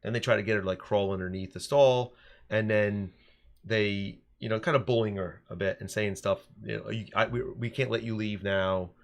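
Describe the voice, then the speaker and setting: Animated man telling classroom stories. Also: lowish voice, fairly quick, gravelly. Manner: animated storytelling, frequent restarts. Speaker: teacher and podcast co-host. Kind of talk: casual podcast discussion.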